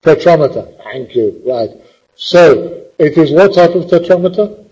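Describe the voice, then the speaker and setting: A man's voice: on the high side, animated, measured pace, mellow, slightly rough, muffled recording. A man teaching a poetry class, quizzing the students with a teasing, theatrical, impatient manner.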